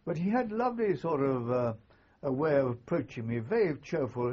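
A husky older man recalls his past in an oral history interview. He speaks haltingly and understatedly, often restarting his sentences. The recording is muffled and lo-fi. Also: mid-range voice, expressive, a little mellow. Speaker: veteran army chaplain interviewee.

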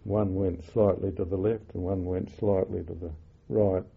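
Older man, low gravelly voice, halting wartime recollection, muffled phone-like audio. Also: flat delivery. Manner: halting, many fillers and self-corrections. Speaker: interviewee. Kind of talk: oral history recollection.

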